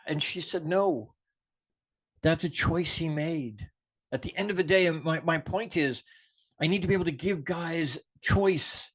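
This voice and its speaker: Middle-aged guy hosting his own motivational show, preachy and fired up, slightly high voice, goes soft then punches hard. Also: a little slow, husky. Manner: passionate, preachy, swings from soft to emphatic. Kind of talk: unscripted motivational talk.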